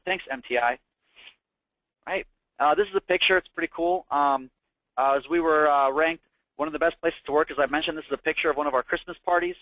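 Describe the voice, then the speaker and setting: A man presenting a trading course, making an upbeat sales pitch full of rhetorical questions. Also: brisk, a bit bright, dry recording, rough recording.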